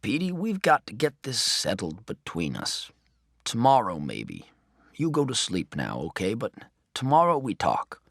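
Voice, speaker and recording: A man voicing a kindly, teasing old grandfather in an audiobook, gruff and chuckling. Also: medium pitch, huge pitch swings, measured pace, dry recording, clean studio sound, heavily acted. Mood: amused. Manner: gruff, chuckling, gently mocking. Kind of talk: audiobook reading.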